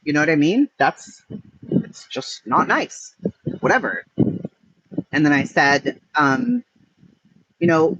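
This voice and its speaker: A man's voice: fairly high pitch, measured pace, long pauses. A man, an online streamer, ranting in blunt, profane, emphatic commentary. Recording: muffled with steady background noise.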